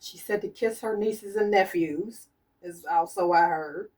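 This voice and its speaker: Heard from a distance, a medium-pitched woman gives a channeled tarot reading at an unhurried pace. She speaks softly but keeps pressing the same urgings on her audience again and again.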